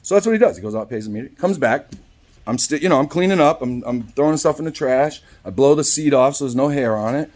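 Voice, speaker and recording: A man's voice: mid-range voice, animated, fast, darkish tone. A man who works as a barber tells a story in a casual, rambling way, often asking "right?" and acting out both sides of the exchange. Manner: rambling, with frequent tag questions.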